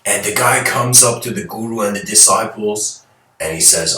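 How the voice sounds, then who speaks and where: Forceful man lecturing in an echoey room. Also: lowish voice, moderate pace. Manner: rambling, with many fillers and restarts, and animated. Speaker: spiritual lecturer. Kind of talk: storytelling lecture. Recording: echoey room, mic at a distance.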